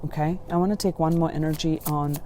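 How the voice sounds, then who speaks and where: A woman giving a gentle spiritual tarot reading, soothing and reassuring, often checking in with the listener. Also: sits low, steady tone, quick pace, a little hiss or hum. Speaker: tarot reader.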